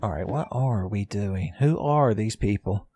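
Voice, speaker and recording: A man giving casual, joking commentary while playing a game, his voice a little raspy today and often breaking into laughs at his own asides. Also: on the low side, a little slow, mellow, no echo. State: slightly raspy voice. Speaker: gaming commentator. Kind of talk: casual let's-play commentary.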